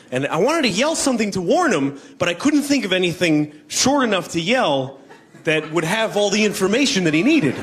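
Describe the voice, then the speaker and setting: A man doing rambling, self-deprecating stand-up in a large concert hall, acting out bits in high shouted voices. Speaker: stand-up comedian. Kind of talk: stand-up comedy. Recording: live concert recording with crowd noise. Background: audience laughter.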